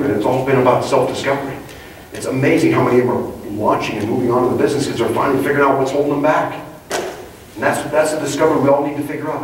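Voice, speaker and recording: A man giving an emphatic motivational speech at a sales training event, preachy and building to excited outbursts. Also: medium pitch, slight background noise. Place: large event hall. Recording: echoey hall recorded from far off.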